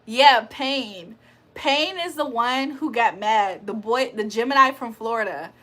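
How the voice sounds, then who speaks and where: Young woman, high bright voice, casual livestream chatter, laughs a lot. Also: unhurried. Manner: chatty, laughs often, reads comments aloud. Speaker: livestream host reading chat.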